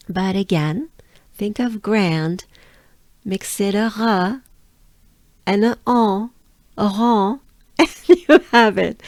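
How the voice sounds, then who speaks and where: A woman from France with a French accent, teaching pronunciation and drilling the sounds slowly and over and over. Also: mid-range voice, lively intonation, creaky, a little mellow, dry recording. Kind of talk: slow pronunciation lesson.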